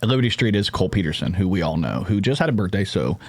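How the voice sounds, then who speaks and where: A man's voice: low-pitched, very animated, quick pace, dry recording. A man hosting a podcast, rambling through jokey, profane casual chat. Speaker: podcast host.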